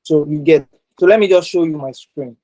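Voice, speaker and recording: A man's voice: on the high side, normal speed, mellow, rough recording. A man teaching a live online exam-prep class over a video call. He repeats his points and tags many sentences with "right?".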